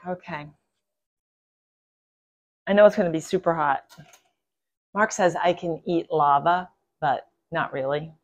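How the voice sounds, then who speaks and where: A woman with a deep voice hosts a cooking video, chatting casually and gushing enthusiastically over the food. She speaks a little slowly and pauses often, with slight noise in the background.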